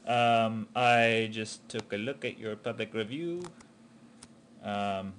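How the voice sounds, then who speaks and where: A man's voice: on the low side, slow, background noise. A man giving an animation student casual, encouraging feedback, hesitating with frequent ums and restarts. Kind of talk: casual spoken critique.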